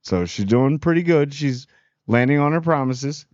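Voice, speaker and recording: A man's voice: mid-range voice, animated, darkish tone, dry recording, highs cut off. Slangy casual man reviewing a show. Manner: slangy, rambling, acts out characters in quick voices.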